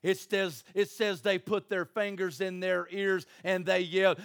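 A man, preaching a sermon in a church with jokey, animated storytelling and acted voices. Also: high voice, a little slow, few pauses, smooth. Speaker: pastor.

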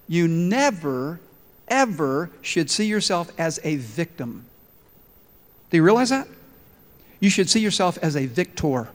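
A man's voice: high voice, in a large hall. A man preaching a sermon as a pastor in an emphatic, storytelling way.

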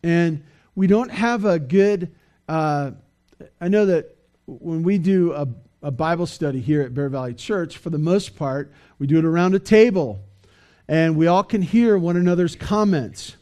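A man preaching a sermon in a church, in a conversational, halting way with many fillers and restarts. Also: a little high, warm tone. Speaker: pastor.

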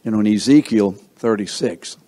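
Guy preaching, keeps asking the crowd questions, gets loud then drops real quiet. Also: lowish voice, moderate pace, husky. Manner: call-and-response questions to the congregation; emphatic, swings from loud to hushed. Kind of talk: sermon.

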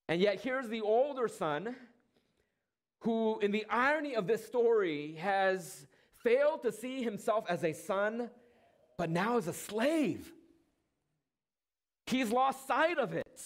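A preacher with a high voice delivers a sermon. He asks rhetorical questions, pauses for effect and briefly acts out the lines he quotes. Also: expressive. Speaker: pastor.

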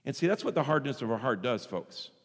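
A man preaching a sermon in an animated way, sometimes acting out the voices of the people he quotes. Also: medium pitch, quick pace. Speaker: pastor. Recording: long hall reverb.

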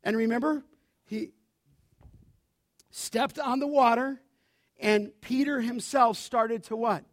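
A man preaching a sermon as pastor, animated, often asking his listeners to finish his sentences. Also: very high-pitched, slow, no echo, clean studio sound. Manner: animated preaching, asks the congregation to fill in words.

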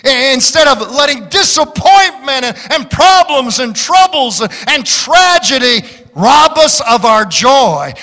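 A man preaching a fiery sermon as pastor, building to shouts. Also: very high voice. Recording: large hall reverb.

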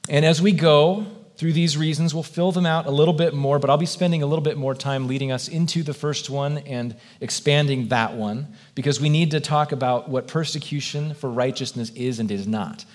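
A man's voice: a little high, fairly even intonation, brisk, few pauses. A man preaching a sermon as pastor, earnest and reflective, posing question after question to his congregation in a church.

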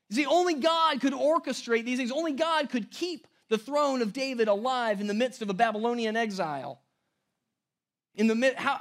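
A male pastor preaching a sermon, emphatic, swinging between loud stress and near-hushed lines. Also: very high voice.

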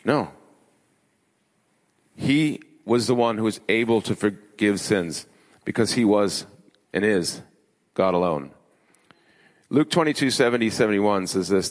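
A man's voice: expressive, unhurried, pauses often. Guy pastor preaching, emphatic, lists climbing up, big echoey church hall. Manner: emphatic, builds lists with rising pitch. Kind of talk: sermon. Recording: long hall reverb.

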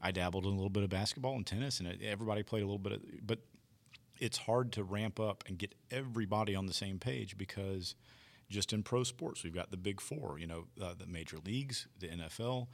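A very deep-voiced man talks things through at an easy, rambling pace, leaning on "you know" as he thinks aloud. His tone is conversational and reflective. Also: fast talker, vocal fry. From United States. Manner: rambling, thoughtful, many fillers. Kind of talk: casual chat.

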